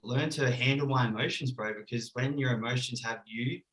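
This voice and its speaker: A man's voice: medium pitch, brisk, fairly bright tone, poor audio. A young Australian man, a podcast guest on a video call, talking earnestly and candidly, saying "bro" and "like" a lot. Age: young adult. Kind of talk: casual podcast chat over video call.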